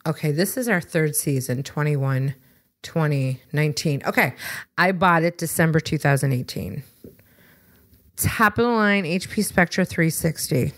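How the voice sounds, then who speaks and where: Dry, low-voiced woman telling a story. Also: no room sound. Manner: animated, acts out both sides of conversations; exasperated, wry. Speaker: podcast co-host. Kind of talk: casual storytelling chat.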